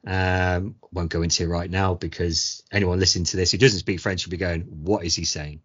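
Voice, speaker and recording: A man's voice: low-pitched, flat delivery, brisk, a bit bright, breathy edge, highs cut off. A middle-aged man co-hosting a podcast, telling stories in a casual chat and acting out quoted voices. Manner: storytelling, acts out quoted voices. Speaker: podcast co-host.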